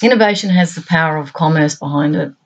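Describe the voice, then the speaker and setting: A middle-aged woman hosting her own channel, musing aloud in a reflective monologue of short, halting phrases. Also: low voice, muffled recording. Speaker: channel host.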